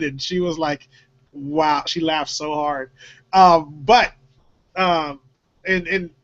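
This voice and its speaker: A man's voice: high voice, fairly bright tone. A man hosting a casual talk show, rambling with many fillers and frequent laughs. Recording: dull lo-fi audio.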